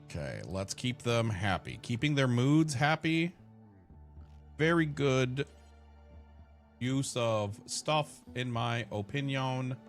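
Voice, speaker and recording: This streamer has a medium-pitched voice with lively intonation and a slow delivery, with faint music in the background. He swears and jokes his way through casual game commentary, addressing viewers and characters alike.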